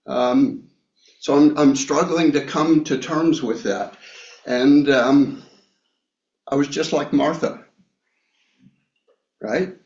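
A man gives a slow, reflective sermon, pausing often and filling gaps with small hesitations. His voice sits at a middle pitch. It rings in an echoey room, and the sound is a bit dull. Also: darkish tone. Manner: slow, reflective, with frequent pauses and fillers. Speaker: preacher. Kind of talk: sermon, Bible reading and personal story.

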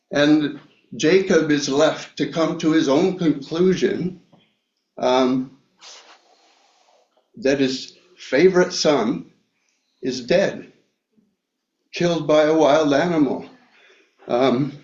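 A man preaching a Bible study sermon, talking slowly with many fillers and restarts. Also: on the high side, darkish tone. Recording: echoey room, dull lo-fi sound.

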